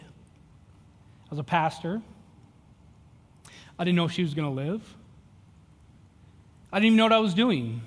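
Preaching in a large church hall, a pastor in his thirties has a fairly high voice that rings out with a long reverb tail. His earnest storytelling opens relaxed, then rises into fervent, mounting passion.

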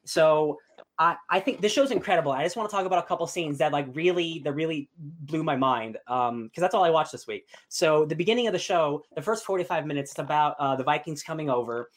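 A young man chatting casually as a podcast host, gushing and excitable with lots of fillers. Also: on the high side, fairly quick. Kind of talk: casual chat.

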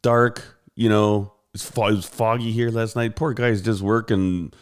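A man chatting casually with a friend over an online call, telling animated stories and laughing often. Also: fairly low pitch, measured pace, smooth. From Canada. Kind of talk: casual chat. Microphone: headphones on an online call.

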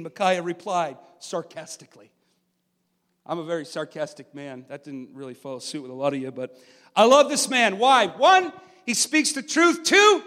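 A man preaching a sermon and reading from the Bible, emphatic and swinging from loud to hushed. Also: high voice, long reverb tail.

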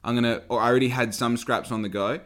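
A man's voice: medium pitch, fairly even intonation, quick pace, fairly bright tone. A young man tells a story on his podcast, wandering off on tangents. He swears freely and keeps the tone loose and conversational, circling back to his point when he remembers it. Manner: rambling, profane, digressive. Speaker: podcast host. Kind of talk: casual storytelling.

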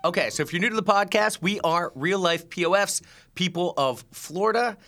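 A man co-hosting a podcast, bantering casually and reading news headlines aloud, animated and wry. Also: high voice, a little fast. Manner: animated, wry, deadpan corrections. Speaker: podcast co-host.

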